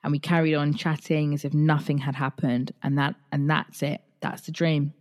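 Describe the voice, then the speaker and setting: A woman's voice: sits low, normal speed. Chatty woman podcaster. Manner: chatty, laughing, animated retelling. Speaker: podcast host. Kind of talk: casual podcast chat reading listener stories.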